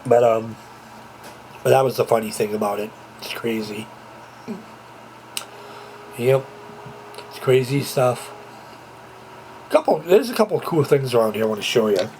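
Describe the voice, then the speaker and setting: An expressive, unhurried man with a medium-pitched voice pauses often while chatting casually to camera at home. He rambles and repeats himself with lots of fillers, holding a camera that moves about. A little hiss or hum runs through the poor audio.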